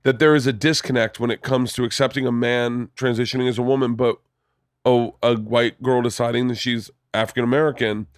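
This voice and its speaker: A man's voice: medium pitch, steady tone, fairly quick, no echo, studio quality. A man hosting a podcast, agreeable and laid-back, telling anecdotes in casual chat. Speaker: podcast host.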